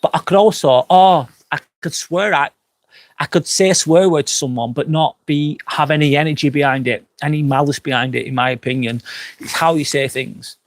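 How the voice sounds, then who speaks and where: Guy a bit drunk on a live stream, swearing loads, rambly chat, voice sits a touch high. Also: normal speed, no echo. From England. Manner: rambling, swears freely, apologetic asides. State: tipsy from wine. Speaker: live-stream host reading chat comments. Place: outdoors by a fire pit at a glamping site.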